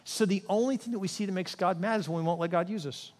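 A man's voice: high voice, fast talker, darkish tone. A man preaching a sermon as a pastor, conversational and self-deprecating. He asks his listeners direct questions and acts out voices of the people in his stories. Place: large church. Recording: long reverb in a large hall.

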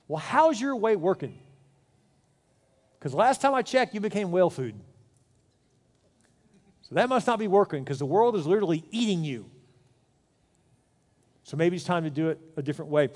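A male pastor preaching a sermon, telling personal stories with emphatic, animated delivery and frequent restarts. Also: sits high, fairly quick. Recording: long hall reverb.

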